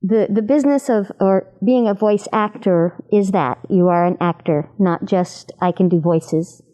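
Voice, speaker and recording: A woman voice actor in an animated interview chat, demonstrating voices as she explains her craft. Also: medium pitch, unhurried.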